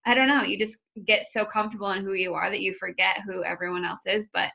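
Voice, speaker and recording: A rambling woman host from Iowa chats loosely and fills her talk with "like" and "I don't know". Her voice is bright and a little tense, with a gravelly fry running through it. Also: mid-range voice, fairly even intonation, fast talker. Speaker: podcast host. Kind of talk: casual podcast chat.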